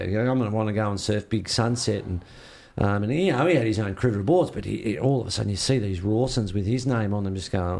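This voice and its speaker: A man's voice: fairly low pitch, brisk, gravelly, darkish tone. A man with an Australian accent, a surfboard shaper, telling rambling stories in a casual interview and acting out the reactions he quotes.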